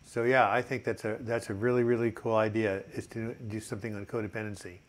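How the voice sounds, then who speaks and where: Reading viewer comments on his mental health live chat, an older host stays upbeat and chatty, with many fillers. His voice is on the low side, level in tone, and he speaks quickly.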